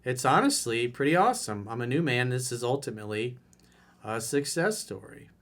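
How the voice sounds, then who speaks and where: A man's voice: mid-range voice, expressive, normal speed, a bit bright. A man who coaches people on dating, reading out a viewer letter and answering it in a blunt, mocking way.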